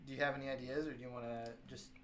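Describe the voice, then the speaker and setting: A man's voice: medium pitch, level tone, rapid-fire, fairly bright tone, a little hiss or hum. A man co-hosting a live building stream in a laid-back, joking way. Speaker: co-host. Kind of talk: casual live-stream chat.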